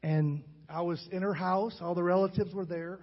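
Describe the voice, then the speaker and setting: A man preaching a sermon, swinging between loud, rising calls and soft, low storytelling. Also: steady tone, moderate pace. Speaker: pastor. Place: large church hall. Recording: muffled sound with long hall reverb.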